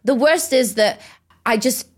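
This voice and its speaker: A woman's voice: on the high side, measured pace. Uk woman in her 30s, motivational speaker type, punchy and fired up, swears a lot. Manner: energetic, emphatic, swears freely. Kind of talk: podcast interview.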